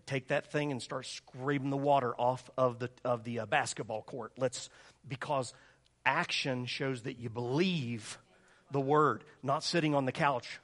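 A middle-aged man preaching a sermon, telling a story with lively, animated delivery and jumping up high when he acts out voices. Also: a little slow. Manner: animated storytelling, acting out voices in a much higher pitch.

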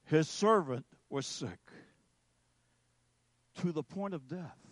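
A male pastor delivers a sermon in a slow, deliberate way, leaning hard on single words and letting pauses hang. His voice sits high for a man. The sound is dry and close. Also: expressive, no echo. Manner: slow, emphatic preaching with dramatic pauses.

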